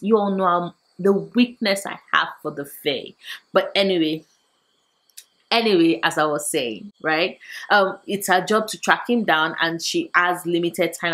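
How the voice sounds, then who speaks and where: A woman book vlogger from Nigeria, chatting casually through book recommendations with animated asides. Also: on the low side, poor audio.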